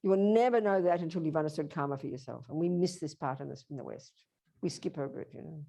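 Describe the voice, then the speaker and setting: A woman's voice: low-pitched, fast, creaky, mellow. A woman teaching a Buddhist workshop, speaking emphatically and directly to her audience.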